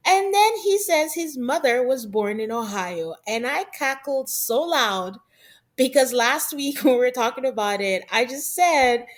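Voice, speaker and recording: A woman's voice: high voice, animated, moderate pace. A woman co-hosting a podcast, chatting casually through a reality-show recap and laughing often. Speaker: podcast co-host.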